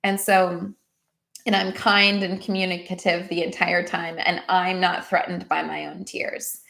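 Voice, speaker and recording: Woman livestream host, casual coaching talk, animated storyteller, slight vocal fry. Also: fairly low pitch, measured pace. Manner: chatty and animated, quotes others in lively voices, laughs readily. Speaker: host of an emotional healing livestream.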